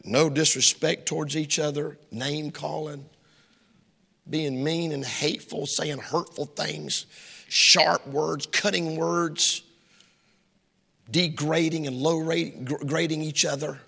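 A preacher with a raised, gravelly voice, folksy and emphatic. His bright, tense delivery swings between hushed asides and sudden shouts. The sound carries a long reverb from the church sanctuary. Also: fairly high pitch, steady tone, slow pace. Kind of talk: sermon. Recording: reverberant hall.

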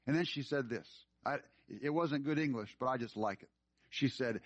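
A man's voice: mid-range voice, normal speed, dry recording, highs cut off. A man preaching a sermon in a church, telling a story and building to emphatic appeals. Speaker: pastor. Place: church room.

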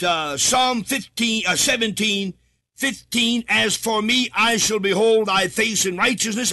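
A man preaching a sermon from the United States, reading scripture in a half-chanted way and rising to shouts for emphasis. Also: high voice.

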